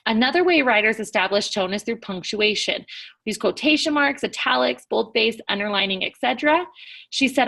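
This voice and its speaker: Woman teaching a lesson, higher voice. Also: lively intonation, normal speed, a bit bright. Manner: clear, stresses words while reading examples aloud. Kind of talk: recorded classroom lesson.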